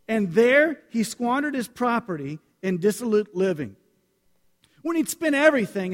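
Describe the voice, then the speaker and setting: Man, preacher, high voice, earnest and conversational, long church reverb. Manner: earnest, conversational, addresses congregation directly. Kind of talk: sermon with scripture reading.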